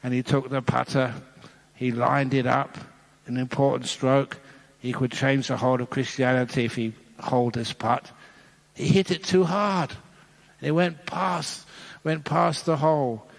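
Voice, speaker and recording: A male Buddhist monk giving a dharma talk, telling a playful story and chuckling at his own jokes. His voice sits at a middle pitch for a man, and it rings with a long reverb from a large hall. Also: level tone, unhurried, creaky.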